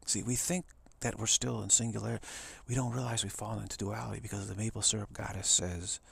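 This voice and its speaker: A man, a spiritual teacher, giving a reflective talk in a musing, soft way, sometimes dropping into a whisper. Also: lowish voice, steady tone, a little fast, creaky, husky, no room sound.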